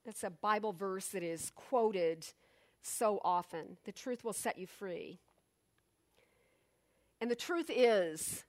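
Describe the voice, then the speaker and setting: A woman giving an inspirational morning sermon in an earnest, reflective way, rising to emphatic swells. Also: medium pitch. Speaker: speaker giving a morning spiritual talk.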